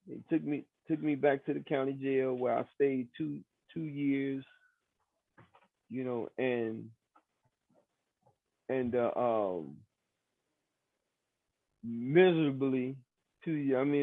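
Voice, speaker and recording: A man, recounting his story in an interview, animated, acting out the voices of other people. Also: medium pitch, creaky, dry recording. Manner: animated, acts out quoted voices, many fillers. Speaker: exoneree interviewee. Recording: tinny phone-like sound.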